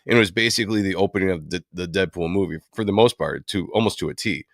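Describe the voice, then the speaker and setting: Man, very low voice, casual livestream host, rambling delivery, dry recording. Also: fast talker, creaky, dry recording. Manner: rambling and chatty, with many fillers. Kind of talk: casual commentary on comic book films.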